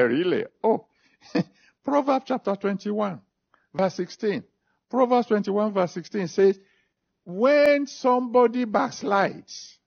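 In a dull lo-fi recording, a man with a high, creaky voice preaches a sermon. He stresses and repeats scripture references before leading an altar call and prayer.

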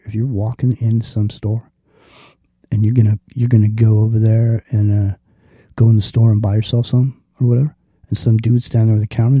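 A man with a very dark, husky voice hosts a talk radio show. He rambles profanely and slips into fast quoted voices to act out arguments. The sound is dry and a little dull. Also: mid-range voice, no echo. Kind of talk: casual talk radio rant.

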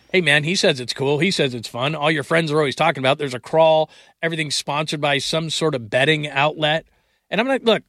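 A man's voice: fairly high pitch, bright, forceful tone, no room sound, clean studio sound. A man, hosting a sports call-in radio show in an emphatic, conversational way. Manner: conversational and emphatic, with frequent fillers. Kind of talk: opinionated call-in radio monologue.

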